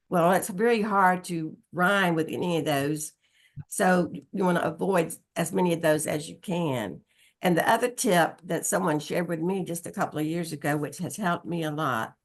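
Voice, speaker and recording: A woman who writes children's books, sharing practical writing tips in a calm, steady way on a video call. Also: low-pitched. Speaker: guest children's author. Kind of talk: casual group chat on a video call.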